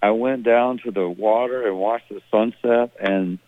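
Male musician on a tinny phone line, low voice, rambling storyteller. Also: measured pace, no echo. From Mississippi. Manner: rambling, relaxed, with many restarts. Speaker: musician guest. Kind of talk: phone interview, casual storytelling.

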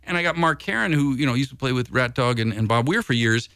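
Male musician guest: easygoing rambler, average pitch, dead-dry sound. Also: animated, quick pace, fairly bright tone, no room sound. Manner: rambling and laid-back, heavy on "you know" and "dude". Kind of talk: casual interview chat.

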